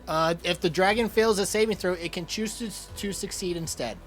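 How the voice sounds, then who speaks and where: Halting male game master. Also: high voice, a bit bright, faint music behind. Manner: halting narration with restarts. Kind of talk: narrating a tabletop game.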